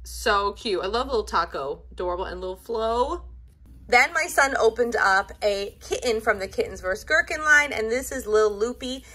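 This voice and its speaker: A woman's voice: on the high side, animated, normal speed, pushed and bright, husky. A woman in her thirties gushing over toys in a casual unboxing video. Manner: gushing, enthusiastic. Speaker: toy unboxing vlogger.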